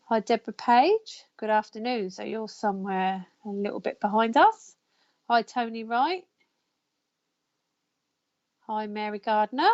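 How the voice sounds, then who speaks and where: Lady host on a live stream, a bit gravelly, dull lo-fi sound. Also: mid-range voice, animated, unhurried, pauses often. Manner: chatty, warm greetings, reads out viewer names. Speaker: psychic counsellor hosting a live show. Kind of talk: live-stream greeting of viewers.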